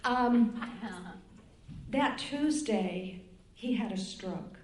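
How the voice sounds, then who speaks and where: A woman's voice: on the high side, animated, extremely slow, a little mellow, slight background noise. An older woman from Cleveland, Ohio, giving a candid, rambling personal testimony as a speaker on a recovery panel. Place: conference room at a retreat. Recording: roomy conference room.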